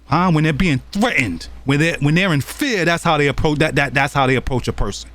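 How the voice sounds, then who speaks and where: A man's voice: a little high, brisk, hardly any pauses, a bit bright. A man, giving angry reaction commentary on a video in a heated, repetitive, preachy way. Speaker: commentary vlogger.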